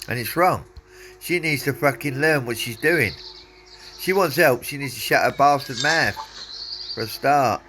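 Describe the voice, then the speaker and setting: Swearing man ranting. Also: mid-range voice. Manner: angry, sweary, repetitive ranting. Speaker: father ranting to his son. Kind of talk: casual rant. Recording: noisy background.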